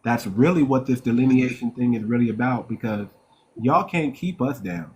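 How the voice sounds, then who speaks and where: A man's voice: medium pitch, lively intonation, moderate pace, a little mellow, a little hiss or hum. A man hosting a live-stream talk, reading chat comments aloud and speaking in an emphatic, preacher-like way straight to his audience. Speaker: livestream host.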